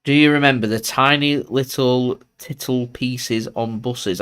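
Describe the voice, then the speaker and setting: A man's voice: mid-range voice, steady tone, unhurried, few pauses, fairly bright tone, clean tone. A man hosts a home livestream of a football match, talking in a loose, chatty way. He reacts to the action as it unfolds and drifts between the play and side remarks. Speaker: football fan channel host. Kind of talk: live match watchalong commentary.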